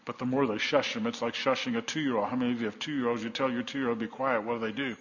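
A man's voice: mid-range voice, steady tone, quick pace, a bit bright, slight background noise. A man preaching a sermon, telling a Bible story vividly and acting out the voices of the crowd. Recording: dull sound with long reverb in a hall.

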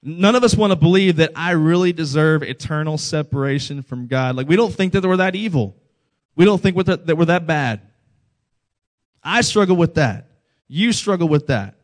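A man in his thirties preaching to his congregation in a relaxed, conversational way. His voice sits a little on the high side, and he slips into quoted dialogue as he tells stories. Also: moderate pace. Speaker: pastor. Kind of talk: sermon.

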